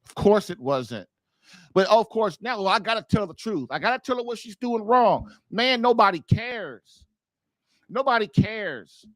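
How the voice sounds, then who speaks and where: A man's voice: high-pitched, expressive, a little fast, no echo. A man hosting an advice podcast, talking informally and emphatically, hammering points home with rhetorical questions. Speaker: marriage coach and podcast host. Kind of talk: casual advice monologue.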